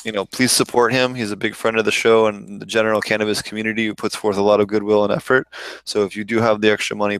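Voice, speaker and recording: Man, casual podcast chat, swearing, rambling rants, dry close sound, smooth tone. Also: fairly low pitch, no echo. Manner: profane, ranting, loose and talkative. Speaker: podcast host.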